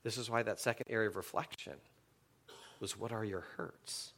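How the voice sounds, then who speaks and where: A middle-aged man preaching a sermon, telling stories with animated swings between loud and hushed delivery. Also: fairly low pitch, moderate pace. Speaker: pastor.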